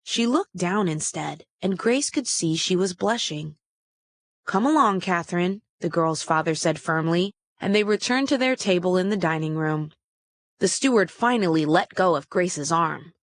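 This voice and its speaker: A woman reading a children's story aloud in a steady, expressive way. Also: fairly low pitch, normal speed, dry recording. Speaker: storybook reader.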